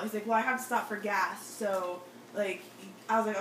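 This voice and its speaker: A woman's voice: mid-range voice, fairly quick, fairly bright tone, slight background noise. A young woman telling a story to friends in a chatty way, saying "like" often and acting out what people said. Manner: chatty, heavy use of "like", acts out quotes. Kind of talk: casual storytelling chat. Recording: roomy sound, mic at a distance, faint ambience.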